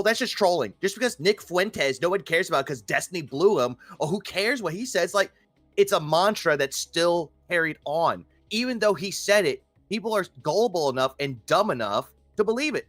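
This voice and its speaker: A man's voice: high voice, animated, normal speed, a bit bright, no echo, soft background music. A man in a casual online voice chat, criticizing someone in an exasperated tone. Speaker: voice chat participant. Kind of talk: casual discussion.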